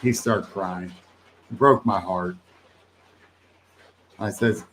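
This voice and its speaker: A man's voice: deep voice, takes it slowly, pauses often, fairly bright tone, a little hiss or hum. An older man hosting a casual livestream, rambling in a folksy way, laughing often and swearing now and then as he answers viewers. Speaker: livestream host.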